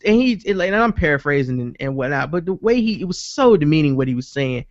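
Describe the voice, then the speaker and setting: A man's voice: on the high side, fast talker, hardly any pauses, dry recording, dull audio. A man on a casual podcast, telling a story with energy, swearing freely and acting out what people said. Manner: animated storytelling, acts out quotes, swears freely. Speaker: podcast host. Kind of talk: casual chat.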